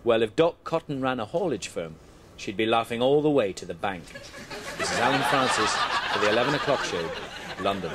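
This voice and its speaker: A man's voice: mid-range voice, animated, fairly quick. Mock-serious male news reporter, noisy recording. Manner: dry, mock-serious delivery. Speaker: comic reporter. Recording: loud noise over the recording.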